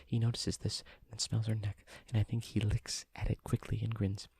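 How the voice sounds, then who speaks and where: A man reading a novel aloud as a whispered role-play, in a hushed, even manner. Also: fairly low pitch, normal speed, creaky, slightly rough, no echo. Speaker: audiobook reader.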